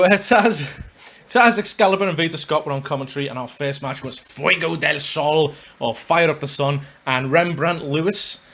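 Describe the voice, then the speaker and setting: Scouse podcast host, young man, fairly high voice, rambling and self-mocking. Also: fairly bright tone. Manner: rambling, self-mocking, chatty with many fillers. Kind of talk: casual solo podcast review.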